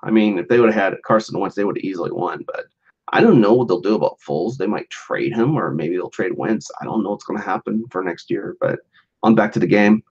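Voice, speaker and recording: A man's voice: fairly low pitch, a little fast, darkish tone, husky, lo-fi sound. A man hosting a casual solo podcast, rambling loosely with lots of fillers, restarts and chuckles. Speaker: podcast host.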